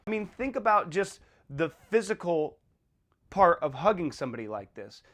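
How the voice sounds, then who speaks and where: A man hosting a podcast in a casual monologue, animated and blunt, acting out little exchanges as he talks. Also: high voice, moderate pace. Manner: animated, acts out little dialogues in a raised voice; blunt and irreverent. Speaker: podcast host.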